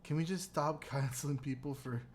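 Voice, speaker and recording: A man's voice: fairly high pitch, normal speed, darkish tone, slight background noise. Laughing, rambling young man on a podcast. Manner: rambling, joking, laughs a lot. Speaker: podcast co-host. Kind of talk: casual chat. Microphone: computer mic with webcam.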